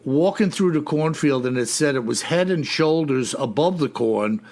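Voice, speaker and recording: A man's voice: on the high side, animated, moderate pace, a little mellow. Laid-back male podcast co-host. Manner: laid-back, says "man" and "you know" a lot. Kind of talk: casual chat.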